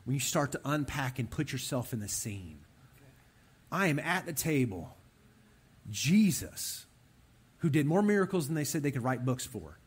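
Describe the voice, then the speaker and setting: Young male preacher, husky, highly animated delivery that swings up and down, talks straight to the men in the room. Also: normal speed, pauses often. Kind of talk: conversational sermon.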